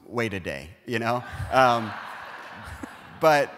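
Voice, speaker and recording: A man's voice: mid-range voice, expressive, very slow, fairly bright tone, long reverb tail, a little hiss or hum. A man speaking as a pastor in a conversational sermon, earnestly explaining and acting out everyday dialogue. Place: church auditorium.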